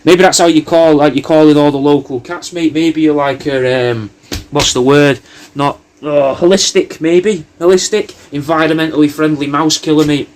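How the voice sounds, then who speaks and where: A man's voice: fairly high pitch, steady tone, normal speed. A man, hosting a comedy cameo and riffing in a meandering, sweary monologue. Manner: meandering, sweary, riffing loosely with lots of "mate". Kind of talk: rambling comic monologue.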